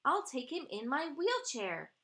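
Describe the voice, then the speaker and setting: A woman's voice: high-pitched, big pitch swings, measured pace, fairly bright tone, voice pushed up, heavily acted. A woman voicing a spirited young girl in a storybook reading, stretching out her words cheerfully. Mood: lively.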